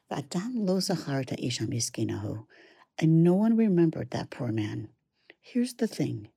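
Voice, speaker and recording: Low husky woman teaching a study lesson. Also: dark tone, no echo, clean studio sound. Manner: measured, reflective, weaves Hebrew verses with English.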